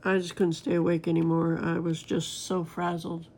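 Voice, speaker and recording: A woman's voice: fairly low pitch, monotone, moderate pace, vocal fry, darkish tone. A woman crafting vlogger chatting casually and rambling to her viewers while she works on a diamond painting.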